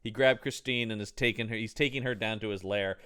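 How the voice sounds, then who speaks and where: A man co-hosting a casual movie review podcast, mocking a film and acting out scenes in sudden high voices. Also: brisk, a bit bright, clear, resonant tone, no echo, clean studio sound. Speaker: podcast co-host.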